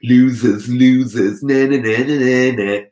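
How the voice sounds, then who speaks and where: A man's voice: medium pitch, lively intonation, normal speed, pushed and bright, pitched above the performer's own voice. A man voicing a boastful young male tortoise who taunts in a sing-song way. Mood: gloating. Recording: roomy echo.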